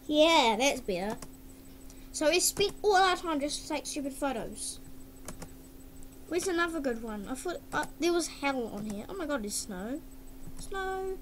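Giggly high-voiced woman on webcam. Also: lively intonation, measured pace, long pauses, a little hiss or hum. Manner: giggly, exclaims often, hums and sings along. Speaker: vlogger. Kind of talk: casual webcam chatter.

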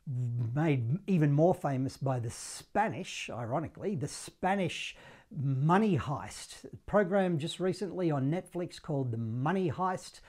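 A man's voice: a little high, a little mellow. A man with an Australian accent teaching an online saxophone lesson in a jokey, self-deprecating way. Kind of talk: upbeat online music lesson.

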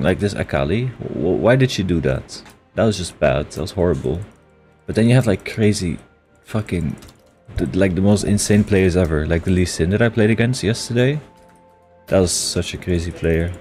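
A man's voice: low voice, animated, normal speed, darkish tone, soft background music. A young man with a Dutch accent streaming a game, chatting casually, reading chat aloud and swearing freely.

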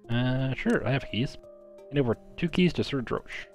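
A man's voice: mid-range voice, lively intonation, moderate pace, creaky, faint music behind. A man giving casual let's-play commentary, muttering his menu choices half to himself. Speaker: gaming commentator.

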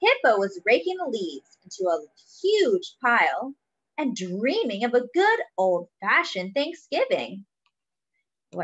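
A woman reading a children's picture book aloud, pointing out the pictures as she goes. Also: a little high. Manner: slow, animated, pointing out pictures. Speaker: storyteller. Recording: dull lo-fi recording.

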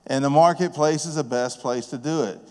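Folksy preacher in a reverberant church. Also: male voice, a little high, a little fast, mellow. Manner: folksy, conversational, plain-spoken. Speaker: guest preacher and business owner. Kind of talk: sermon with personal storytelling. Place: church sanctuary. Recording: long reverb of a church hall.

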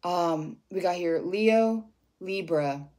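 A woman with a somewhat low voice talks her way through a casual tarot reading. She rambles, circles back on herself and swears freely as she reacts to the cards. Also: slow pace, a little mellow. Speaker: tarot reader.

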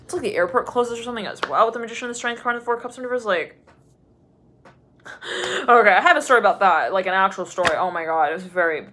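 A woman talks through a tarot reading in a loose, rambling, chatty way, with a steady mid-range pitch. She piles up fillers and breaks into laughter often. A faint hiss sits under her voice. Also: quick pace. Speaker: tarot reader.

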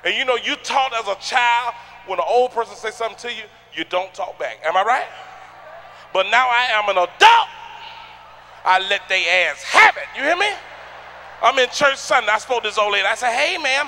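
A man from Atlanta doing loud, profane stand-up comedy on stage, teasing the crowd and shouting punchlines. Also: high-pitched, lively intonation, moderate pace, a little hiss or hum. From Atlanta, USA.

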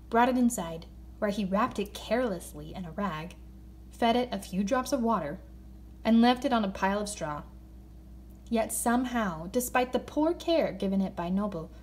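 A woman reading a children's story aloud in an expressive voice, slowing down for emphasis. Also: mid-range voice. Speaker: narrator.

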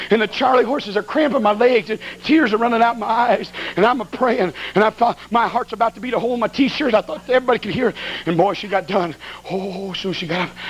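Middle-aged evangelist, high-pitched, animated comic storyteller who breaks into loud cries; old recording with faint hiss. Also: male voice, vocal fry, rough recording.

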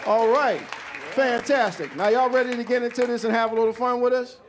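Playful high-voiced man leading a club crowd. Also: fairly quick, noisy background. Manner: playful, folksy, breaks into sung snippets. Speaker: bandleader leading audience participation. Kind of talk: onstage banter and call-and-response teaching. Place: live jazz club stage. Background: live jazz band.

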